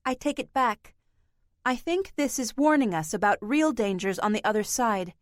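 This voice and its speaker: A woman's voice: fairly high pitch, expressive, moderate pace, no room sound, clean studio sound, natural voice. A woman voicing a hardened teenage girl surviving in a wasteland, blunt and questioning. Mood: uneasy.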